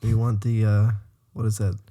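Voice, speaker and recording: Mellow-voiced joking podcast guy. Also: on the low side, little pitch movement, normal speed. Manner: easygoing, joking banter. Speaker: podcast co-host. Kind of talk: casual chat.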